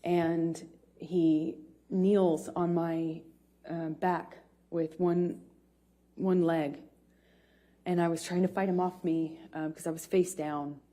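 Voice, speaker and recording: A woman testifying as a witness in court, speaking haltingly with frequent pauses and restarts. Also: on the low side, mellow.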